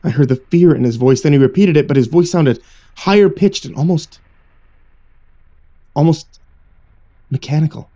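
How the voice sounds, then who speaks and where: A man narrating a horror story in a hushed, suspenseful storytelling manner. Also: on the high side, moderate pace, long pauses. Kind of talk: scripted narration.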